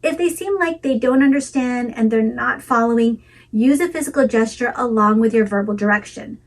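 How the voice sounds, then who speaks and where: A woman giving a calm, measured talk with practical tips for parents, in a melodic teaching delivery. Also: a little high, far from the mic, poor audio. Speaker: parenting educator. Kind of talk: scripted instructional talk.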